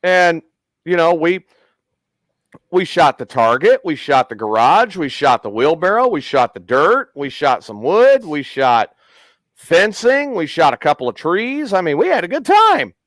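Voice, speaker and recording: Animated, swearing male storyteller. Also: a little high, a little slow, no room sound. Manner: profane, animated storyteller acting out quotes. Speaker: podcast host. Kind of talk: casual storytelling chat.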